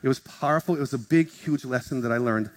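Animated male pastor telling stories. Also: mid-range voice, quick pace, slight background noise. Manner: animated, acts out dialogue in shifting voices; casual, joking, conversational. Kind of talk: sermon storytelling. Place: church service in front of a congregation. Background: guitar music from the worship team.

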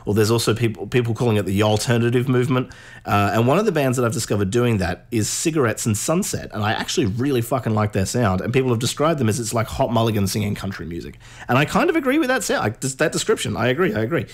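A man's voice: medium pitch, sing-song, fast talker. A young man hosting a music radio show, talking in a loose, rambling way and swearing now and then. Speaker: radio host. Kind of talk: casual radio chat.

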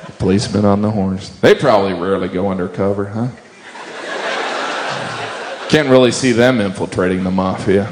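A man's voice: fairly low pitch, fairly even intonation, normal speed, pauses often. A man doing observational stand-up in a wry tone, slipping into silly voices. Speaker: stand-up comedian. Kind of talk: stand-up routine. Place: comedy stage before a live audience. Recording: live show with crowd and noise.

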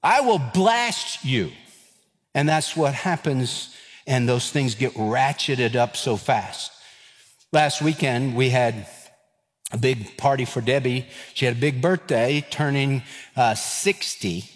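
A man, preaching a sermon and telling a personal story, acting out the dialogue with lively energy. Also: mid-range voice, slow, long reverb tail. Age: 50s. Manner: animated storyteller, acts out dialogue. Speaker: pastor.

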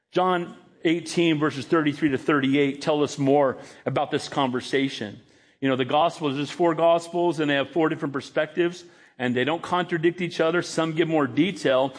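Pastor guy preaching, pretty high voice, gets emphatic and acts out the lines. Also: moderate pace. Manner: emphatic, acts out quoted dialogue with rising pitch. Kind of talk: sermon.

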